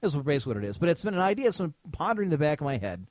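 A fairly high-voiced man co-hosting a podcast, his pitch swinging widely as he rants and swears in loose banter. The sound is dry and close, with no room behind him. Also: racing, no room sound. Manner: animated, swearing, ranting. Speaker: podcast co-host. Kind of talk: casual chat.

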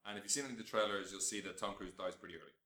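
A man talks films in a quick, casual rush, his voice bright and forward. He swears freely and jumps into acted-out bits of scenes. The sound is roomy, with an echo around him. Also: low voice. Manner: animated, profane, acts out scenes in bursts. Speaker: film podcast host. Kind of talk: casual film review chat.

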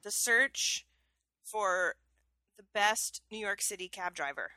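Bubbly animated woman podcast co-host. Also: medium pitch, slow pace, no room sound. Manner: bubbly, animated, laughs easily. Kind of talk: casual podcast chat. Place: her house.

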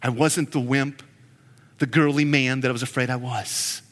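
Bright-voiced pastor in an echoing hall. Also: male voice, mid-range voice, normal speed. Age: 40s. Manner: animated, joking storyteller. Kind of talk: sermon.

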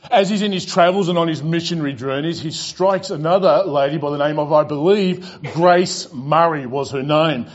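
A man's voice: on the high side, normal speed, few pauses, highs cut off. A man preaching a sermon as pastor, telling stories with casual fillers and repeated "he goes.".

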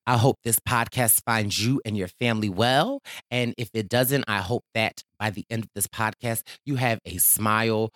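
A man's voice: lowish voice, moderate pace, few pauses, fairly bright tone, no echo. Playful man hosting a podcast, dry sound. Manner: playful, chatty, calls himself your baby boy. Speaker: podcast host. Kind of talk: casual monologue.

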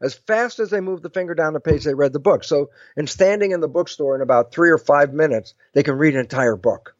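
Animated man acting out little dialogues. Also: fairly high pitch, brisk, no echo, highs cut off. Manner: lively, acts out both sides of imagined dialogues. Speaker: guest speaker. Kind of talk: animated explanatory interview talk.

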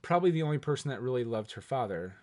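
A man co-hosting a podcast, chatting casually about a movie and lively about it. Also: mid-range voice, rapid-fire. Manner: lively, acts out quoted lines. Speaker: podcast co-host.

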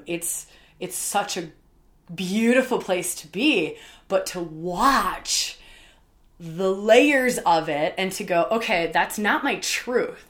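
A woman host telling a candid personal story in a casual, emphatic way, with many fillers and repeated words. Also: lowish voice. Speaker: podcast host.

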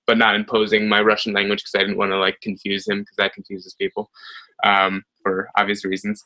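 A young man, a ballet dancer being interviewed, telling stories in a chatty way with many pauses and fillers. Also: lowish voice, rough recording. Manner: chatty, many ums, animated retelling. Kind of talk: casual interview storytelling.

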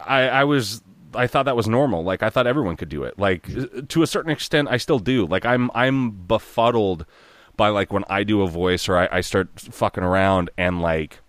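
A man's voice: on the low side, moderate pace, a bit bright, dry recording. A man in his thirties chatting casually, rambling with many fillers, swearing and restarts, slipping into impressions. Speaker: podcast guest or co-host, dungeon master. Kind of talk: casual chat.

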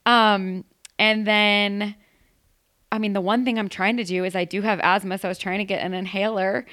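A young adult woman in casual chat, talking in quick asides and laughing often. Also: mid-range voice, steady tone, fairly bright tone.

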